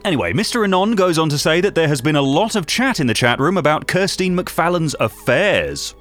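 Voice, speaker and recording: An actor playing a gossipy, self-regarding British local radio host with a British accent, rambling from one aside to the next in a comedy radio monologue. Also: male voice, on the high side, expressive, brisk, a bit bright, faint music behind.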